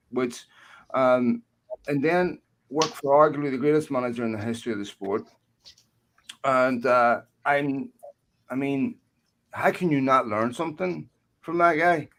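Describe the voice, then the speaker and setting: A man's voice: mid-range voice, rough recording. A man on a live football fan panel with an ordinary mid-range voice. He talks in a chatty, rambling way, addresses the other panelists directly and laughs along with his own stories. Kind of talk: live online football talk.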